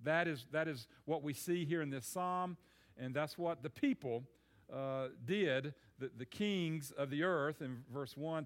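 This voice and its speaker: Guy preaching a sermon, kinda high voice, talks it through casually and repeats himself. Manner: conversational, repeats words while thinking aloud.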